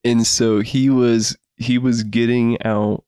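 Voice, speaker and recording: A middle-aged man in a relaxed casual chat, telling a school story and answering with short agreements. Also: medium pitch, takes it slowly, smooth, no room sound, clean studio sound.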